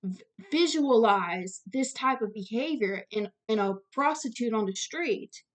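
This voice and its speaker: A woman teaches the Bible in an expressive, unhurried voice on the high side. She reads scripture aloud, then breaks off into direct, earnest commentary, sometimes stumbling over long words.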